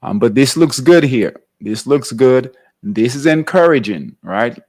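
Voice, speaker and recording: A man's voice: mid-range voice, animated, a little slow, a little mellow. A man hosting a live trading workshop, thinking aloud over charts and checking in with "all right?" between phrases. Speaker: trading show host.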